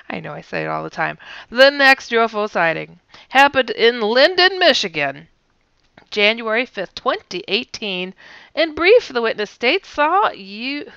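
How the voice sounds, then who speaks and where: Lively-voiced woman reading sighting reports. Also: mid-range voice, gravelly, clear, resonant tone, no room sound, lo-fi sound. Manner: wry, chatty asides between readings, laughs often. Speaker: news show host.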